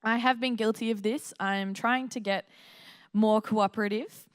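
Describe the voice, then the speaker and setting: A young woman with an Australian accent giving a sermon from a church stage. She talks in a chatty, joking way, often laughs, and breaks into lively quoted asides. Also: a little high, unhurried, clear, resonant tone. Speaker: church speaker.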